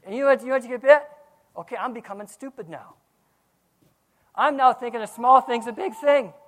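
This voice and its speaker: A man, a pastor, preaching a sermon, swinging from quiet asides to loud outbursts. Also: extremely high pitch, fairly quick.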